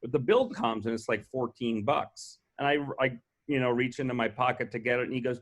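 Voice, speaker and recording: A man's voice: mid-range voice, a little fast, hardly any pauses. A man, a festival co-founder, telling anecdotes in a casual way and acting out what other people said. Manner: animated, acts out quoted dialogue.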